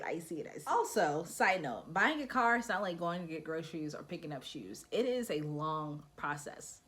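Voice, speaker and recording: A young woman vlogger talks casually, offering advice and acting out snippets of dialogue. Her voice sits on the low side and is a bit bright, and her manner is chatty.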